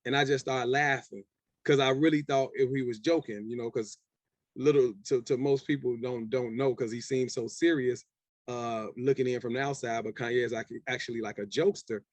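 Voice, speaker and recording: A man's voice: mid-range voice, steady tone, a little fast, dry recording. A rapper in his forties telling a story in an interview, acting out both sides of an old phone call. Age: 40s. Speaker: rapper, guest.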